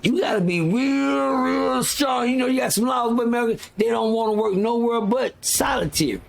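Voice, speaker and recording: A man's voice: very high voice, normal speed, vocal fry. A man hosting a live stream, talking in a heated, profane and rambling way, full of restarts and fillers. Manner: frequent restarts and filler words. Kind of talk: casual live-stream rant.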